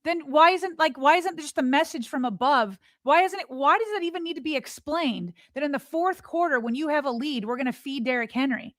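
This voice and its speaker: A woman's voice: sits high, expressive, a little fast, hardly any pauses, fairly bright tone, no room sound, clean studio sound. A woman co-hosting a sports podcast, arguing emphatically and firing off rhetorical questions in exasperation. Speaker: podcast co-host. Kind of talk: heated sports podcast argument.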